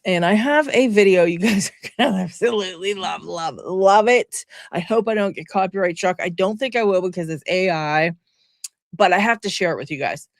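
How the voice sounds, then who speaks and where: Lowish-voiced woman ranting casually at her viewers, sarcastic, dead dry mic. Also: no echo. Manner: sarcastic, exasperated, chatty. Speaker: commentary vlogger. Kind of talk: casual reaction commentary.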